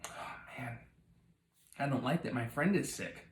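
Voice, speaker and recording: A man's voice: mid-range voice, animated, fairly quick, echoey room, a little hiss or hum, close to an everyday voice. A man doing a laid-back, friendly Jesus. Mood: calm. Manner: casual, modern-sounding storytelling voice. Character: calm, gentle grown man Jesus.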